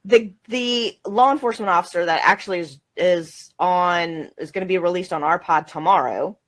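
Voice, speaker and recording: A woman who hosts her own podcast, chatting casually as a guest, laughing often and agreeing quickly. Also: fairly low pitch.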